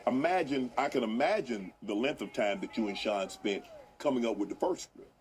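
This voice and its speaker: A man hosting a casual interview, asking questions in a relaxed, conversational way. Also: mid-range voice, moderate pace, crowd noise. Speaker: interview host.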